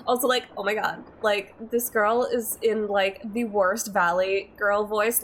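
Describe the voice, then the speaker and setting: Giggly slow-talking woman streamer. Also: medium pitch, fairly even intonation, a little hiss or hum, rough recording. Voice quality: giggly, chatty. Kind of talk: live gameplay commentary.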